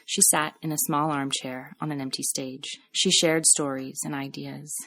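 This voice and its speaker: Low-voiced woman narrating a story. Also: level tone, creaky, a bit bright. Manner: measured, reflective reading. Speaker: podcast host.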